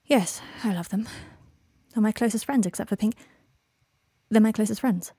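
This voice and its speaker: A woman's voice: medium pitch, moderate pace, mellow, slightly rough, no echo. A woman reading as a sardonic young man. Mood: wry. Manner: dry, sardonic quips. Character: wry grieving young man, self-mocking.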